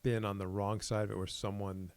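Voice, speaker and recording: A man's voice: fairly low pitch, little pitch movement, a little fast, darkish tone, no echo. A man co-hosting a podcast, rambling casually and acting out quoted exchanges. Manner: rambling, laughs often, acts out quotes. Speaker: podcast co-host.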